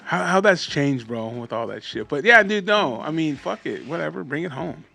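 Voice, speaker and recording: A man's voice: fairly high pitch, lively intonation, moderate pace, vocal fry, pushed and bright. A man co-hosting a live podcast in casual, jokey, rambling talk with a Southern Californian accent. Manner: rambling, jokey, restarts often. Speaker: podcast co-host.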